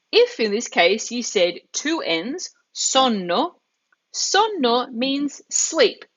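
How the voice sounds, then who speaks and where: A woman's voice: mid-range voice, a bit bright. Woman teacher running a live online class, mid-range voice, patient and methodical, a bit muffled over a computer mic. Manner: patient, explains step by step with examples. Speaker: Italian teacher. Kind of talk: live online language lesson.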